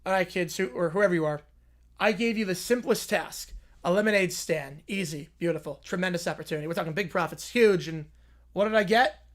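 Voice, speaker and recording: A man's voice: high-pitched, a little fast, a bit bright. A man voicing a boastful older billionaire boss who repeats short, scornful insults.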